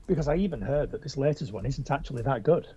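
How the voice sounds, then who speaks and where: A man with a mellow, slightly husky voice co-hosts a relaxed pop culture podcast. He talks with eager enthusiasm, though he often hesitates and restarts his sentences. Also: medium pitch, fast talker, dull audio. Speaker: podcast co-host. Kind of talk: casual pop culture chat.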